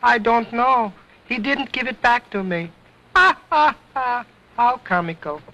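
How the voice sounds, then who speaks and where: A man's voice: extremely high pitch, animated, a little slow, pushed and bright, voice pushed up, full character voice. A man voicing a cheeky little boy ventriloquist dummy, wisecracking in broken English, on a dull lo-fi old recording. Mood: sassy.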